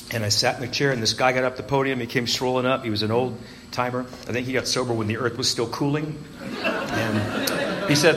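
A man's voice: medium pitch, a bit bright, a little hiss or hum, low-quality recording. A man speaking to a live meeting, telling his own recovery story with wry, self-mocking, darkly joking storytelling. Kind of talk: personal recovery story told to a live audience. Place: meeting hall with an audience.

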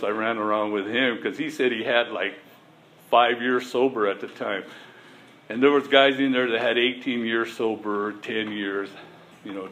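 A middle-aged man sharing his recovery story in blunt street talk, swearing and getting animated as he retells it. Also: on the low side, a little hiss or hum, rough recording. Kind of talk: personal story at a recovery meeting.

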